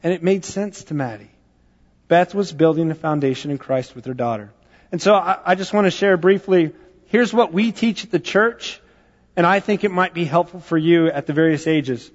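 A man's voice: fairly high pitch, moderate pace. Man preaching in a reverberant church. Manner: conversational storytelling with fillers. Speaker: pastor. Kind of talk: sermon. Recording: dull sound with long hall reverb.

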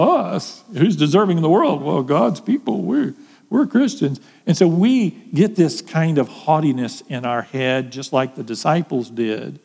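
A man preaching a sermon, asking his congregation questions in an animated way. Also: sits high, in a large hall. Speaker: pastor.

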